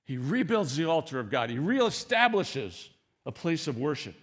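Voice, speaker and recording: A pastor preaching a sermon in a conversational storytelling way, acting out the quoted lines and breaking off to talk straight to the congregation. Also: male voice, on the high side, big pitch swings, normal speed, fairly bright tone.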